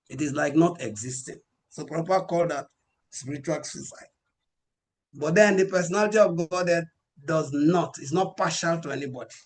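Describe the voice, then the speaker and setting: Man preaching scripture class, slow emphatic verses, kinda higher voice. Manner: measured, emphatic, quotes verses.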